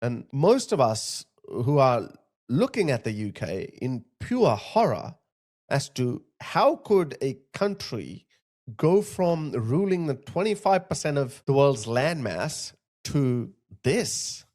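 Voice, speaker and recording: A man's voice: medium pitch, sing-song, slow pace, darkish tone. A man giving heated commentary over video clips, indignant and firing off repeated rhetorical questions. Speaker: online political commentator.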